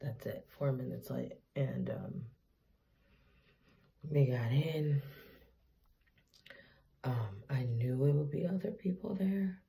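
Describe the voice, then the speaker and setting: Gravelly, tired woman vlogger. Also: extremely low pitch, takes it slowly, long pauses. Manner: candid, profane, animated retelling. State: tired, teary. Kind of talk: casual storytelling vlog.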